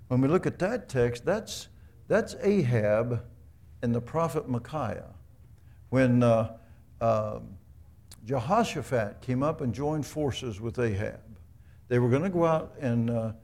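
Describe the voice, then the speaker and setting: Gravelly-voiced man preaching a sermon. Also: mid-range voice, a little mellow. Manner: conversational storytelling preacher, rhetorical questions, voices scripture characters. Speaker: pastor.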